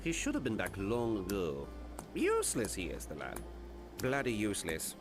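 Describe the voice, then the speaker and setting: A man's voice: lowish voice, huge pitch swings, normal speed. An actor playing a scheming male alchemist master in a video game, talking in a brusque and belittling way. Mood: scornful. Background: game music.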